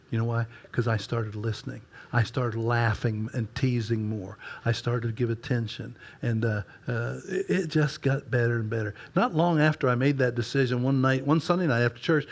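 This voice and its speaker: An older male pastor tells stories from the stage in a folksy, self-deprecating way. His voice sits at an ordinary middle pitch. He mixes gentle humor into the lesson. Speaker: pastor speaking at a leadership conference. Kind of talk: storytelling sermon talk.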